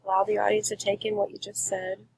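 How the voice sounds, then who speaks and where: A woman teaching a class, giving clear, emphatic instructions in a recorded lecture. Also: mid-range voice, monotone, fast, darkish tone, no echo, rough recording.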